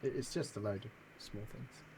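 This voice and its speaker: A man's voice: mid-range voice, moderate pace, darkish tone, slight background noise, rough recording. A young man playing in a tabletop game, chatting casually and laughing often. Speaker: player.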